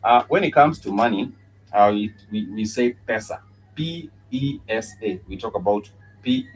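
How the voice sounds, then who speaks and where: A man's voice: lowish voice, expressive, moderate pace, a little hiss or hum, rough recording. A man with a Kenyan accent teaching a live-streamed lesson, patiently repeating words and spelling them out. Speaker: Swahili teacher.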